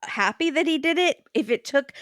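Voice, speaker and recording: A woman's voice: high-pitched, lively intonation, normal speed, fairly bright tone, no echo. Dry-sounding woman podcast co-host. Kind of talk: casual chat.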